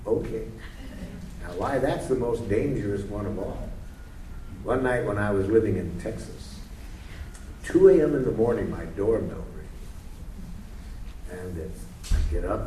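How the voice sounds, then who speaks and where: A man's voice: lowish voice, warm tone. A man leading a communication workshop, teaching through role-play and playful storytelling. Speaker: workshop leader. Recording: roomy hall, distant mic, faint hiss.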